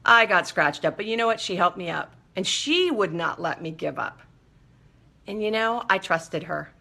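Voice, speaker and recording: Bright, animated woman telling a story. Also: lowish voice, normal speed, vocal fry. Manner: animated, chatty, with laughs and playful asides. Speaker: show host. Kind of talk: personal storytelling on a talk show.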